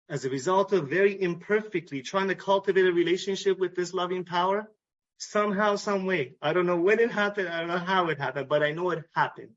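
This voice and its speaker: A man with a Canadian English accent giving an earnest personal talk at a recovery meeting, repeating phrases and pausing to restart. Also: sits high, a bit bright. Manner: earnest, repetitive, with pauses and restarts. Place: meeting hall. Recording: dull lo-fi recording.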